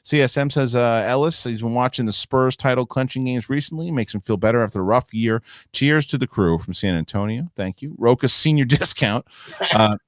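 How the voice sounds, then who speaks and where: A man's voice: medium pitch, a little fast, no room sound, studio quality. Casual male live-stream host. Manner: casual, reads viewer comments aloud.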